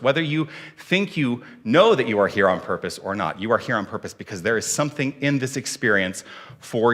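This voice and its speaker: A man welcoming his congregation as their minister, earnest and out of breath. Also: mid-range voice. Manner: warm, earnest, relaxed preaching. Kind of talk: Sunday service welcome. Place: church sanctuary. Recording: long reverb in a hall.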